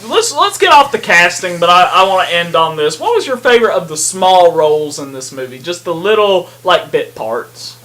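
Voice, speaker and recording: A man's voice: high voice, sing-song, normal speed, few pauses, fairly bright tone. A man co-hosting a podcast, chatting casually about a film, rambling with many fillers and laughs. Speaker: podcast co-host. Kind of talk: casual movie chat.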